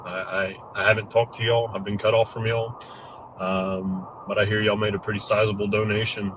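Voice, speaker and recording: A man's voice: lowish voice, little pitch movement, moderate pace. Emotional man, faint background noise. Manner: earnest, choked up, blunt. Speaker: hurricane survivor giving an update. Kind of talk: emotional first-person update.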